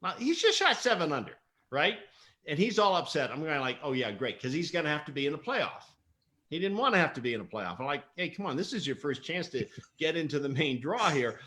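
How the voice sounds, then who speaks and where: Animated storytelling man, bright voice. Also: on the high side, a little fast. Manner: animated storyteller, laughs often, acts out quotes. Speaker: guest, mental performance coach. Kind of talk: casual livestream interview.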